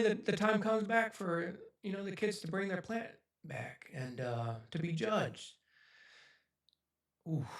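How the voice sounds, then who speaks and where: A man in his forties telling a story to a livestream audience, emotional and choked up, rambling with many fillers. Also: high voice. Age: 40s. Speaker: speaker on a livestream. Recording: echoey room, voice from a distance.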